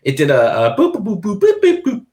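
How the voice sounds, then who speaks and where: A man doing a chirpy squeaky talking touchpad. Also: big pitch swings, fairly quick, a bit bright, roomy sound. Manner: sing-song, childlike, beeping.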